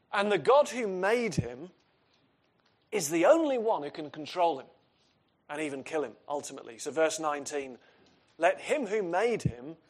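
A man preaching an expository sermon, earnest and emphatic, asking his listeners questions. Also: a little high.

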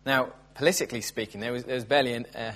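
A man preaching a sermon at a church service. He reads scripture in a measured, earnest way and then explains it with thinking-aloud asides. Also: medium pitch, fairly even intonation, fairly bright tone.

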